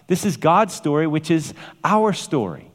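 A man's voice: a little high, sing-song, measured pace. A man preaching a sermon with emphatic, varied delivery, rising to exclamations. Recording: long hall reverb.

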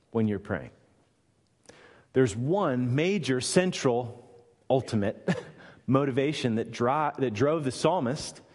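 A man's voice: mid-range voice, darkish tone, big-room sound. A man preaching a sermon, emphatic and full of rhetorical questions to his listeners.

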